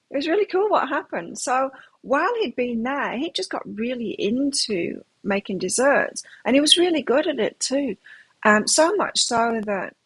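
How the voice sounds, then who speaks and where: A woman's voice: high voice, a bit bright, husky, no room sound, poor audio. A middle-aged woman giving a live tarot reading, chatty and rambling, often restarting her sentences. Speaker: tarot reader.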